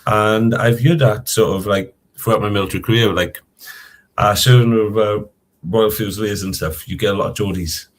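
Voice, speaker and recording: A man's voice: lowish voice, steady tone, normal speed. A man chatting casually in a group discussion, telling stories with frequent restarts. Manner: rambling, storytelling with restarts.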